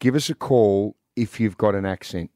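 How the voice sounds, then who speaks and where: Jokey Australian radio host, dry studio. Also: male voice, on the low side, moderate pace, mellow, dry recording. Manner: jokey, upbeat, laughs easily. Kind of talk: breakfast radio banter. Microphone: studio microphone.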